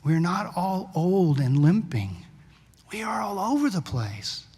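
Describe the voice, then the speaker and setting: A male pastor preaching a sermon in a conversational storytelling way, sometimes brisk, sometimes slow and hushed. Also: high voice, big pitch swings, slightly rough. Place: church sanctuary. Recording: long church-hall reverb.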